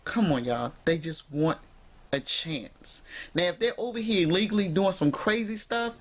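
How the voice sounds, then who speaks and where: A woman vlogger addresses her viewers directly on camera in an emphatic, preachy manner. Her lowish voice has lively intonation and a moderate pace. She records indoors at home using the camera mic.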